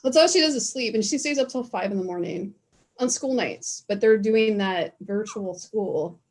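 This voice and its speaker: A woman's voice: mid-range voice, lively intonation, moderate pace. A woman hosting a casual chat over a video call, talking loosely and joking, laughing often. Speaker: host.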